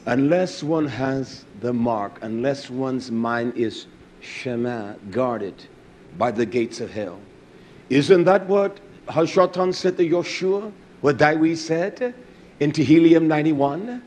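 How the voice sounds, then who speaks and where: A male preacher giving a sermon with Hebrew terms, swinging from low murmurs to loud declaiming. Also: a little hiss or hum.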